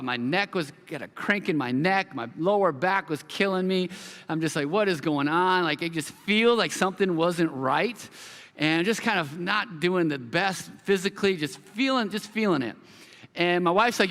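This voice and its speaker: A man preaching a sermon as pastor, telling a story with animated quoted voices. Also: fairly high pitch, normal speed. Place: church hall. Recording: long hall reverb.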